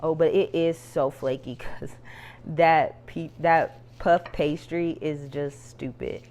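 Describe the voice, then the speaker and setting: A woman's voice: deep voice, steady tone, takes it slowly, a little mellow. A woman hosting her own cooking vlog, chatting to viewers as she fries and tastes food. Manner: chatty, talks to viewers while frying and tasting. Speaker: cooking show host.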